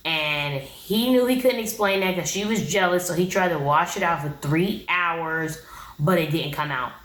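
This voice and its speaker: A woman's voice: fairly low pitch, normal speed, a bit bright, reverberant, rough recording. A woman giving a casual, blunt, sassy recap of a reality show, talking straight to her viewers.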